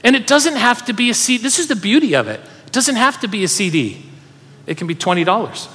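A man's voice: high-pitched, sing-song, fast, sharp tone. A man preaching a sermon to a congregation, telling stories and urging listeners to respond. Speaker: pastor. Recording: long hall reverb.

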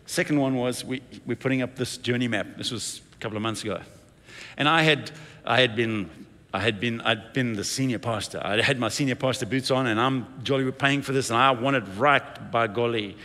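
Storytelling pastor in an echoing hall. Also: male voice, medium pitch, fairly quick, bright, forceful tone. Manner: storytelling with playful acted-out quotes. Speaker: senior pastor. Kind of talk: sermon.

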